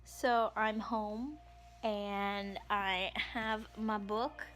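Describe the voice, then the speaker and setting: A woman's voice: medium pitch, steady tone, very slow, a bit bright. A young woman vlogging about a book she is reading, gushing and emotional, often breathless. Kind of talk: casual vlog chat. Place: on a bus, at home, in a staff room.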